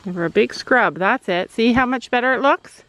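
A chatty woman vlogs from outdoors at a horse barn, holding the camera herself. Her voice sits a little high, with some faint background noise, and she talks gently and reassuringly to her horse between asides to viewers. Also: moderate pace, low-quality recording. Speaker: vlogger and mother. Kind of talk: casual vlog narration.

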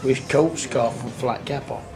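A tribute band singer tells a rambling, earthy anecdote in a creaky, medium-pitched voice at a normal pace. He swears and acts out what people said. The casual story was captured in a noisy on-location recording.

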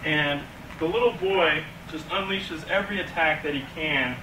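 A young man, an animation student, enthusiastically pitching a film story to a class and acting out its scenes, recorded from far off in an echoey, noisy classroom. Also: moderate pace. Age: young adult. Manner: enthusiastic, laughing, acts out scenes.

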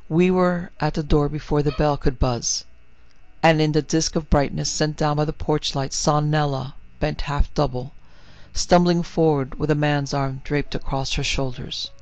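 A man reading a horror story in a steady, vivid narrating voice. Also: fairly high pitch, dry recording. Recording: dry, slightly muffled recording.

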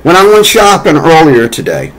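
A man's voice: fairly high pitch, huge pitch swings, moderate pace, poor audio. An American man delivering a political opinion rant in a rambling, repetitive way, full of fillers and growing heated. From United States. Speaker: vlogger.

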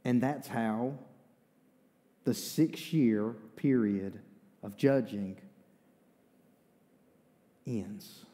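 A man's voice: mid-range voice, very slow, long pauses, dark tone. A man with an Eastern North Carolina accent preaching a sermon as pastor, in a folksy, conversational way with asides. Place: church sanctuary. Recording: long reverb of a church hall.

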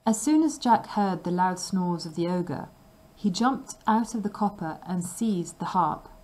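A woman narrating a fairy tale for language learners with clear, measured reading. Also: fairly low pitch, expressive, darkish tone, poor audio. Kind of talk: scripted storybook narration.

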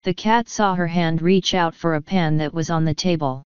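A woman reads an audiobook aloud in a steady, lightly wry storytelling manner. Her voice is low and very clear. The recording is close and dry, with slightly dull highs. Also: moderate pace, dry recording. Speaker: audiobook narrator. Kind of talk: audiobook narration.

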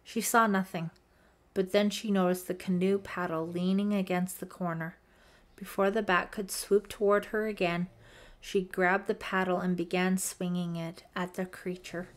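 A woman narrating a teen horror audiobook in a measured, suspenseful reading. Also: lowish voice, little pitch movement. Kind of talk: scripted narration.

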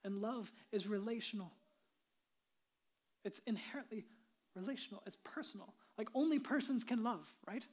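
Earnest woman pastor preaching softly. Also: fairly high pitch, normal speed, long pauses. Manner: earnest, conversational preaching with many "like" asides; drops to soft, hushed delivery on solemn points. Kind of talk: sermon.

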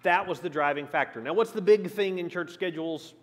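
A man's voice: sits high, a little fast, big-room sound. A man teaching a church class in a conversational way, asking the group questions and shifting his emphasis often. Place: church meeting room.

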